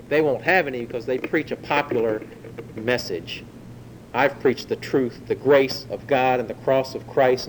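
A man preaching a sermon on a letter of scripture, with animated delivery that climbs in pitch when he quotes or stresses a point. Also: slight background noise, low-quality recording. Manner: animated, rising emphasis when quoting scripture.

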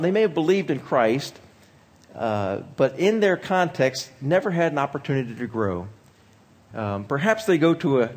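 A man speaking as a pastor, giving a measured teaching talk on ministry with frequent pauses and fillers. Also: mid-range voice.

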